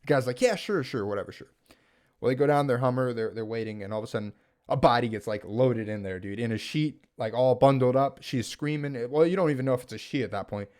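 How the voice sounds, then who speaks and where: A man talking at home, recapping and reviewing a TV series in an animated, rambling way, full of "like" and "right?". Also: mid-range voice, fast. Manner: animated, rambling, filler-heavy with frequent "like" and "right?". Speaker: gaming video creator reviewing a TV series. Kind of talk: casual spoken recap and review.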